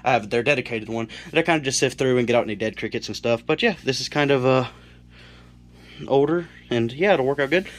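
A man's voice: medium pitch, fast talker. Young man from South Carolina, casual reptile-keeper vlogger, rambling delivery, slightly winded. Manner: rambling, self-correcting, lots of fillers. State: slightly out of breath. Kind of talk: casual home-build tutorial. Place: cluttered bedroom at home.

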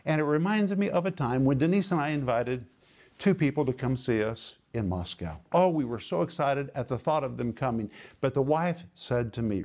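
A man giving a televised Bible teaching in an emphatic way. He slows right down to stress key words and explains word meanings step by step. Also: mid-range voice, animated, a little mellow.

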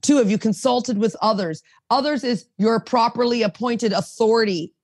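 A woman's voice: a little high, moderate pace, few pauses, darkish tone, no echo, studio quality. A woman podcast host and recovery sponsor, talking in a fired-up, digressive way, reading passages aloud and preaching. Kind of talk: casual recovery podcast chat.

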